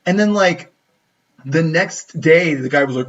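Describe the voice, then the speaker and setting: Young man, from the US, animated storyteller, somewhat high voice, dull lo-fi sound. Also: normal speed. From United States. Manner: animated, acts out quoted people in his story. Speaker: college counselor, channel host. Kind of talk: casual storytelling livestream. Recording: dull lo-fi audio from a distant mic.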